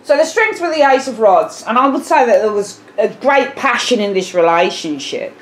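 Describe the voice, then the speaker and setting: A British woman with a higher voice and lively intonation gives a casual tarot reading to camera at normal speed. She muses aloud, often repeating herself and using fillers.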